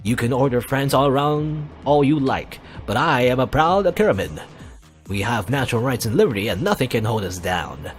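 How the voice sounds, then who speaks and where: A man's voice: medium pitch, very animated, moderate pace, faint music behind, close to an everyday voice. Man reading a brash blustering president. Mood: defiant.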